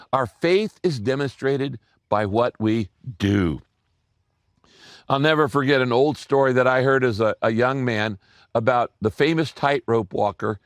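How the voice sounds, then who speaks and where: A man's voice: dry recording, clean studio sound. Earnest storytelling pastor, man. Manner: storytelling preacher who repeats key lines and drops his voice low for emphasis; earnest, direct address to listeners. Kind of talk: sermon.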